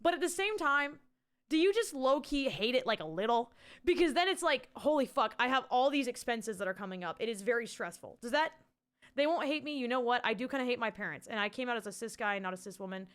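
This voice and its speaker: A young woman streaming live, talking loosely to her chat in a high, smooth voice. She swears freely, laughs often and breaks into loud shouted bits, speaking close to a desk microphone. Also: animated, quick pace.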